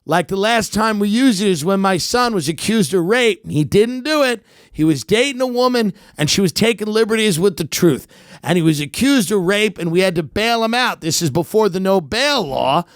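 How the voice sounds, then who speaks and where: A man playing a broke, bitter middle-aged father and devoted fan, ranting and working himself up to shouting. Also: sits high, expressive, moderate pace, smooth, dry recording, studio quality. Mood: grumbling. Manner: escalating unhinged rant, shouting.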